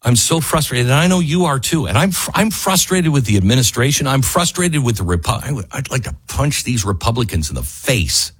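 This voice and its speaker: A man's voice: mid-range voice, very animated, brisk, hardly any pauses, slightly rough, no room sound, studio quality. A man hosting a talk radio show, delivering an impassioned, frustrated monologue and raising his voice at times. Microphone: studio microphone.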